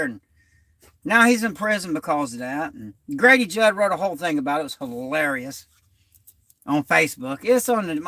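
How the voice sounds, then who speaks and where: A man's voice: high-pitched, bright, forceful tone, no room sound. A middle-aged man, hosting his channel and telling rambling, slangy stories in casual talk. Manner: loose, rambling storytelling in Southern-style slang. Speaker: channel host.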